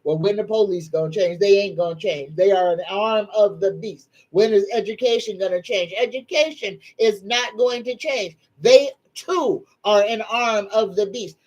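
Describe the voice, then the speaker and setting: Over a rough recording, a middle-aged psychic livestream host chats casually in a medium-pitched voice. Her manner is soft-spoken and tearful, though she preaches in a folksy, emphatic style.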